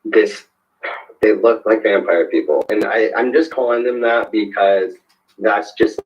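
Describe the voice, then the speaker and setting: A man with a fairly low voice tells a personal story as a guest, slowly and with many hesitations and restarts. The recording sounds dull and lo-fi, as if the highs were muffled. His delivery is unhurried and conversational. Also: steady tone. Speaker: guest telling a personal experience.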